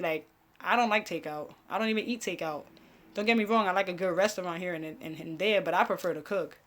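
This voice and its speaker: A woman's voice: on the low side, a little fast, a bit bright. Laughing, foul-mouthed woman live-streaming. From Caribbean family, raised speaking Spanish. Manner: profane, laughing, talks to viewers. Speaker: host of a live online show. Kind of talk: casual live-stream chat.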